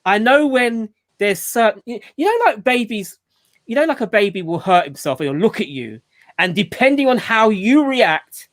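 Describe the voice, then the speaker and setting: A man's voice: high-pitched, lively intonation, normal speed, fairly bright tone. A man hosting a casual group video chat, talking in a rambling way with many restarts and "you know"s. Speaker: channel host and father.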